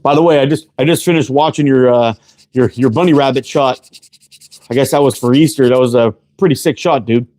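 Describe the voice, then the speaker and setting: A man's voice: mid-range voice, fairly quick, darkish tone. A man hosting a casual livestream while working in his shop, chatting loosely and swearing freely as he greets viewers by name. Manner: laid-back, profane, greets viewers by name. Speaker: livestream host and slingshot maker. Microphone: camera close up, leaning in to read chat.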